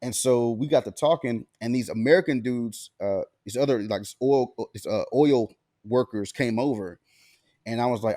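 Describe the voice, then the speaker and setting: A man's voice: medium pitch, normal speed, warm tone, no room sound, studio quality. A man from Alabama, co-hosting a podcast and telling stories in a laid-back, profane way. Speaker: podcast co-host. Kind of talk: casual chat.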